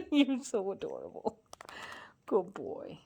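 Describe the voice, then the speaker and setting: A woman's voice: mid-range voice, huge pitch swings, slow, creaky, darkish tone, slight background noise. A woman talking to her pet bird in affectionate baby talk, often laughing and slipping into whispers. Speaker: pet owner.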